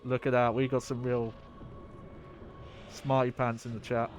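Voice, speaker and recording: A man's voice: medium pitch, level tone, measured pace, slight background noise. A man streaming a video game, rambling casually and chatting with his viewers. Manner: rambling, chatty, swears and laughs. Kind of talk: casual gameplay commentary.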